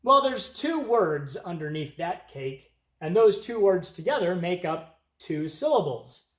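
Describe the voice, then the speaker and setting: An elementary music teacher teaching young children, speaking slowly and patiently and counting beats aloud. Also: medium pitch, big pitch swings, echoey room.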